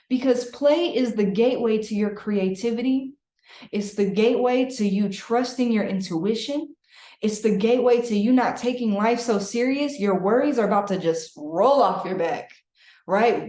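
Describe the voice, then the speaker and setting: A woman's voice: a little high, dark tone. A woman energy healer guiding a client through a spiritual session in a playful, laughing way. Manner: playful, laughing, breathy coaching. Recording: roomy echo.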